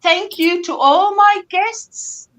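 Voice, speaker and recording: South African woman, high and bright, easy chatter as a livestream host. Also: takes it slowly, noisy background. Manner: chatty, reads out viewer comments. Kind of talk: casual chat.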